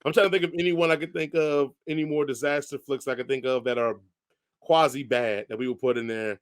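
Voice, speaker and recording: A man co-hosting a podcast, chatting casually about movies, who often agrees with quick repeated words and laughs along. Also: medium pitch, steady tone, no room sound, studio quality. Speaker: podcast co-host. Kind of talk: casual movie review chat.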